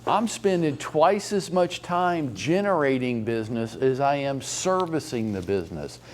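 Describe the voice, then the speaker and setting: A man's voice: medium pitch, a little mellow. A man coaching real estate agents in a live training session, blunt and profane, with mocking bursts.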